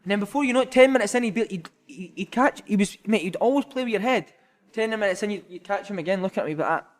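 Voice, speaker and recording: High-voiced man telling stories. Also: fast. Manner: animated, swearing, lots of "mate". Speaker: former footballer, podcast guest. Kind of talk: casual storytelling chat.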